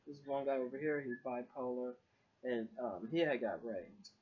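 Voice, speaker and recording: A woman's voice: very deep voice, normal speed, breathy edge, phone-quality sound. A woman talking casually to camera in a rambling vlog, swearing freely and laughing often. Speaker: vlogger.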